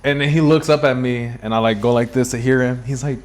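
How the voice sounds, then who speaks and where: A young man co-hosting a podcast, telling a funny story in a lively, animated way and laughing often. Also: mid-range voice, fast talker. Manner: animated storyteller, acts out quotes, laughs a lot. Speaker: podcast co-host. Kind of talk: casual chat.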